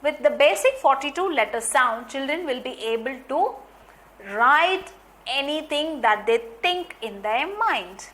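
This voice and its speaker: A woman training teachers in phonics, explaining points slowly and deliberately and repeating key ideas. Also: sits high, expressive, a bit bright. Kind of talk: instructional lecture.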